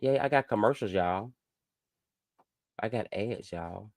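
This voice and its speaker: A man hosting a casual live stream, chatting to viewers and getting animated as he reacts to gossip. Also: unhurried, no room sound, studio quality. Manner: animated, chatty, jumps high in pitch when outraged. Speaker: host.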